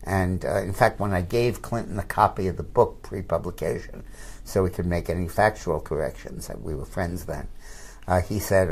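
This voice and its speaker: Older man, political commentator, casual anecdotes, deep voice, husky. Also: brisk. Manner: anecdotal storytelling, frequent restarts. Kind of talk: casual chat.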